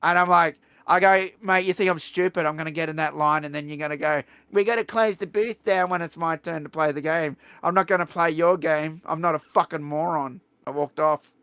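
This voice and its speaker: An Australian man hosting a stream, telling a story in a blunt, profane, animated way. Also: fairly high pitch, a little fast, hardly any pauses, smooth, no echo. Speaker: streamer host. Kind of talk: casual storytelling chat.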